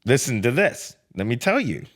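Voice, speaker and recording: A man as a podcast guest, telling his own story in a casual, animated way, swearing often and saying "dude" and "bro.". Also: medium pitch, moderate pace. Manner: profane, animated, lots of filler like "dude" and "bro".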